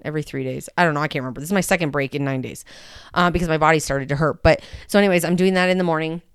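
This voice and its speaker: A woman's voice: low-pitched, racing, smooth, no echo, clean studio sound. A woman in young adulthood, hosting her own podcast and chatting candidly with lots of fillers. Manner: rambling and candid, many fillers. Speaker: podcast host. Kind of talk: casual personal podcast talk.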